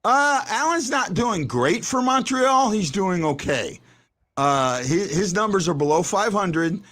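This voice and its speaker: A man hosts a casual sports talk show, his voice high and very lively. He talks in an animated way, often repeating a word a few times before he lands his point. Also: measured pace. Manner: animated, repeats words when starting a point. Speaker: host.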